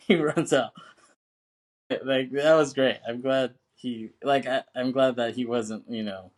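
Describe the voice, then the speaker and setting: A man's voice: mid-range voice, steady tone, unhurried. Male podcast co-host, casual and profane, laughs a lot, acts out quoted lines. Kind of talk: casual film chat.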